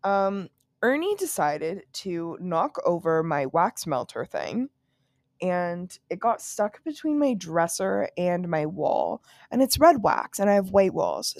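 A woman's voice: medium pitch, a little mellow, no echo, clean studio sound. A young woman telling a story to her podcast listeners at home, loose and profane, full of "like" and laughing asides. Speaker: podcast host. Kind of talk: casual solo storytelling.

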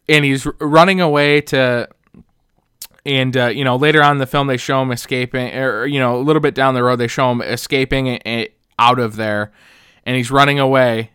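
A man's voice: medium pitch, a bit bright, smooth, dry recording, studio quality. A man casually recapping a film as host, rambling with many fillers, laughing and swearing as he goes.

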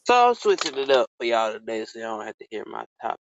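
A man hosting a casual podcast, telling a story with lots of swearing and sudden loud exclamations. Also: mid-range voice, very animated, fast talker, gravelly, dull audio, a little hiss or hum. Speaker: podcast host.

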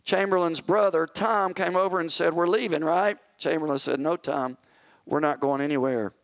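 A pastor preaches with a dramatic storyteller's flair, acting out the people in his story. His voice is a touch high and gravelly, and the sound is dry and close. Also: steady tone, normal speed, dry recording. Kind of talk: sermon storytelling.

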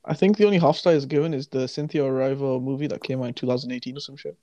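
A young man co-hosting a casual film podcast, excitable and loose, swearing freely and tripping over his words. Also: mid-range voice, very fast, dry recording. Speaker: podcast co-host. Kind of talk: casual chat.

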